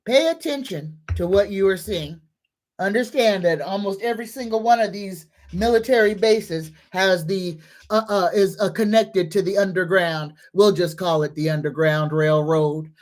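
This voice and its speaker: A woman hosting a psychic livestream, greeting viewers, reading comments and leading affirmations. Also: mid-range voice. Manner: greets viewers warmly, leads slow repeated affirmations.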